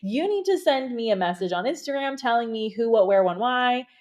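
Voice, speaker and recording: A woman hosts her own podcast and talks straight into the microphone, excited and gushing, full of fillers. She sounds a little out of breath, and her voice is mellow and warm, not bright. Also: fairly high pitch, a little fast. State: a bit out of breath. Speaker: podcast host, beauty industry coach. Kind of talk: solo podcast monologue.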